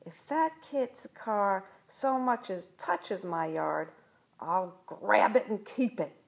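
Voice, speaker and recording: An older woman voicing a grumpy old man neighbor who hates kids, with gruff, threatening shouts. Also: medium pitch, takes it slowly. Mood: sneering.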